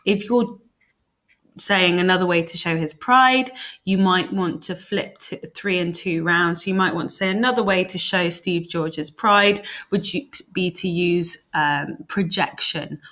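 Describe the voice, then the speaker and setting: A woman's voice: lowish voice, measured pace, a bit bright. A woman with a British accent, a drama teacher explaining exam technique step by step in a lesson. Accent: British English.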